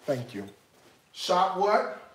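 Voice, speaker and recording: A man hosting a live-stream cooking show, excitable and playful, swinging from hushed asides to loud bursts. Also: high voice, drawn-out words. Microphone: live-stream setup.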